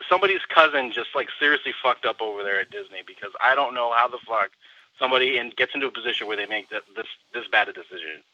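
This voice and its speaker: A man's voice: medium pitch, fast, sharp tone, no room sound, dull audio. A man on a podcast ranting angrily about movies, swearing often. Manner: angry, profane, ranting. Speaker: co-host film critic. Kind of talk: casual podcast rant.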